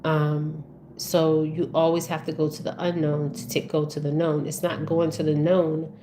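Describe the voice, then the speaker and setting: A woman talks in a loose, rambling spiritual monologue, often tagging her points with "okay?". Her voice sits low and stays fairly flat, with faint noise under the recording. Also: moderate pace. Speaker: spiritual speaker. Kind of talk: casual monologue.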